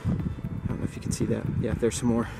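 A man's voice: fairly low pitch, monotone, brisk, vocal fry. Man vlogging outside with traffic noise. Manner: easygoing, talks to camera while jogging. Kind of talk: casual vlog talk. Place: outdoors on a street. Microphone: handheld camera mic. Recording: loud traffic and outdoor noise.

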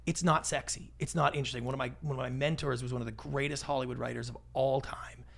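Animated, gravelly storyteller man. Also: mid-range voice. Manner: animated storyteller, acts out quoted voices, quick asides. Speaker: podcast guest, pitching expert. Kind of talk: casual interview talk.

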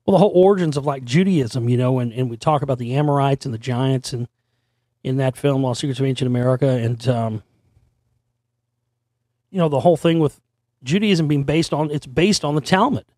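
A man with a hoarse voice hosting a show and rambling through a monologue, restarting and repeating words as he goes. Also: mid-range voice, brisk, a little mellow, dry recording, studio quality. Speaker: host. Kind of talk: monologue to camera.

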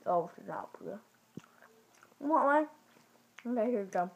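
A woman's voice: medium pitch, animated, a little slow, gravelly, long pauses, a little hiss or hum. A woman from Ohio chatting to camera in a giggly, scattered, jokey way. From Ohio, United States. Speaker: vlogger. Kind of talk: casual rambling to camera.

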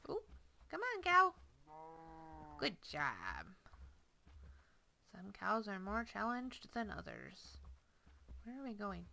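A woman's voice: mid-range voice, sing-song, slow, vocal fry, pauses often, sharp tone, slight background noise. A woman hosting a casual gameplay video, chattily coaxing and playfully scolding the animals in her game. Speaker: let's play host.

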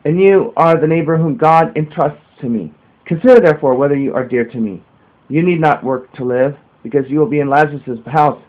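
A calm, loving male teacher speaks in earnest, measured phrases, read by a man. His voice sits a little high for a man. It comes through a thin, phone-like line. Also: natural voice. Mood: reassuring. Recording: narrow phone-like sound.

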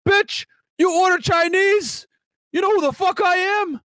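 A man voicing a furious young male chef who shouts profanity in a shrill, mocking tone. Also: unhurried, dry recording, heavily acted.

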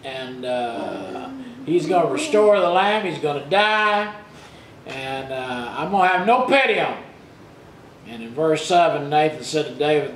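Pastor preaching, echoey room. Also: male voice, fairly high pitch, animated, a little slow, slight background noise. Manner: retells scripture in plain colloquial speech, rising loud for quoted rebukes. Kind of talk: sermon.

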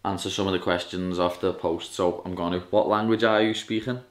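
A young man with a strong Scouse accent talks casually to his vlog camera in a low voice. He is loud and blunt, swears freely and drops "lad" into almost every sentence. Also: steady tone, fairly quick. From Liverpool, England. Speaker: fighter vlogging.

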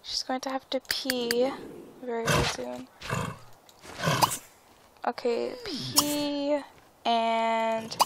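A woman's voice: fairly high pitch, gravelly, background noise. A woman hosting a let's play, chatting casually about her game, giggly and often tripping over her words. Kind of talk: casual gameplay commentary.

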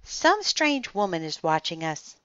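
A woman's voice: lowish voice, sing-song, a little slow, fairly bright tone, no room sound, highs cut off. A woman doing a sensible young boy.

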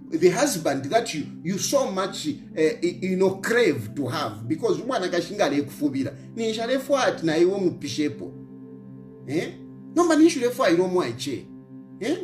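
Animated Zambian man lecturing in an echoey room. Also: high voice. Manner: lecturing, repeats phrases, mixes local words into English. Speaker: opposition politician. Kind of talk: scolding commentary monologue. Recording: roomy echo with faint music.

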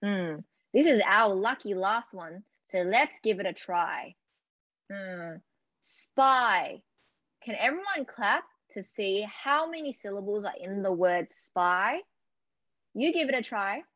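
A young Australian woman leading a children's lesson, gently encouraging the kids and drawing her words out. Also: medium pitch, lively intonation, a little slow, no echo. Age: young adult. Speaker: speech clinic presenter. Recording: dull dry lo-fi audio.

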